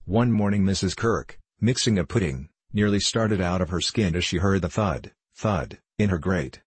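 Low husky male audiobook narrator. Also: normal speed, no echo. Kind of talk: scripted narration.

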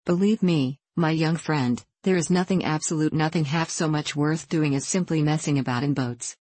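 A woman voicing an easygoing, dreamy male water rat in a storybook reading, speaking in a solemn, unhurried, musing way. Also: sits low, darkish tone, dry recording.

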